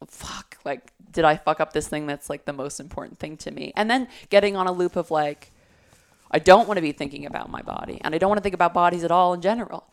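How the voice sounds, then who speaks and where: A woman with a low-pitched voice speaks in an intimate, casual conversation. She is reflective and searching, and fills her sentences with "like" and soft hesitations. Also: quick pace. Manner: reflective, searching, heavy use of "like" and fillers.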